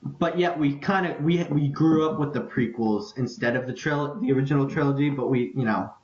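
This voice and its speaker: A young man hosting a casual podcast, excitable and rambling, quick to crack jokes. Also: medium pitch. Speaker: podcast host. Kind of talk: casual chat. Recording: lo-fi, echoey room.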